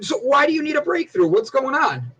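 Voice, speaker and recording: A young man hosting a morning talk show, loud and teasing, prone to sudden high-pitched yelling. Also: sing-song, brisk, lo-fi sound. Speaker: host.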